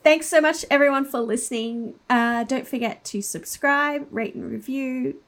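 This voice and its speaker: A woman hosting a podcast, chatting casually as she critiques a film, measured and laughing often. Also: high voice, a bit bright. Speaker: podcast host. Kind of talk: casual chat reviewing a film.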